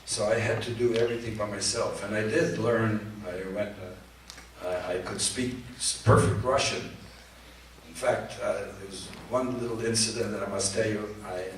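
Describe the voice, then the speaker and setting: Older man, low-pitched, earnest halting storyteller, recorded far off with faint noise. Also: fairly even intonation, heavy reverb. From Poland. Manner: halting, repeats words, earnest. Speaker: Holocaust survivor speaker. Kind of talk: personal testimony to students. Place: large hall at a community event.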